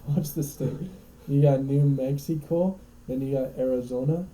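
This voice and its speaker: Dark-toned man from Nebraska, joking around. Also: mid-range voice, steady tone, normal speed, slight background noise, rough recording. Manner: joking, thinks aloud. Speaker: podcast co-host. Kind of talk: casual chat.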